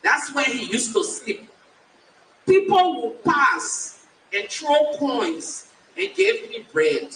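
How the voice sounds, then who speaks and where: A woman in her fifties delivers a keynote testimony in a high, bright voice with wide, lively swings in pitch. She talks slowly and with weight, leaning on pauses for effect. The stage microphone picks her up from a distance in a large, echoing conference hall. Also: a little hiss or hum. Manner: slow, emphatic storytelling with dramatic pauses. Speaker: keynote speaker. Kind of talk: personal testimony speech. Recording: echoey hall from far off.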